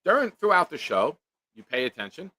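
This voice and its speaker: A man's voice: on the high side, very animated, brisk, sharp tone, dry recording. A man hosting a casual live-stream chat, joking around and reading viewer comments aloud. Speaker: show host.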